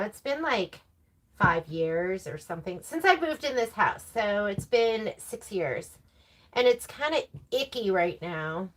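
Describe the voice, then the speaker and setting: Chatting casually on a sewing stream from her home sewing room, this woman rambles and drops in laughing asides. She speaks at a medium pitch with a slightly bright tone.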